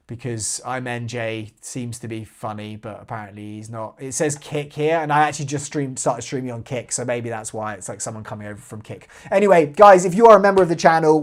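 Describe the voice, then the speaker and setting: A man hosting a live airsoft stream, chatting casually and reading out viewer comments between giveaway talk. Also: fairly high pitch. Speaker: airsoft channel host.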